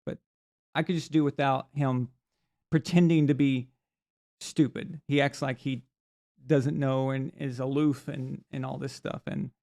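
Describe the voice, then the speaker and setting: A man's voice: medium pitch, level tone, a little slow, gravelly, dark tone. A man hosting a live sports talk stream, rambling through opinions with lots of restarts and fillers. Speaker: sports talk show host. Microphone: desk mic on camera.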